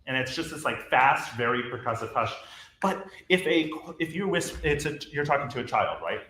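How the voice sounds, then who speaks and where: A man's voice: medium pitch, animated, moderate pace, bright, forceful tone, a little hiss or hum. A man leading a choir rehearsal, explaining rhythm and diction and demonstrating phrases by speaking and singing them. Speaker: choir director. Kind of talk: rehearsal instruction. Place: rehearsal room. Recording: roomy echo with faint ambience.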